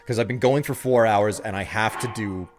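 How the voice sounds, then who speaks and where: Chatty low-voiced male streamer. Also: moderate pace, faint music behind. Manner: chatty, talks straight to viewers, trails off and restarts. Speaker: livestreamer. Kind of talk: casual livestream gameplay chat.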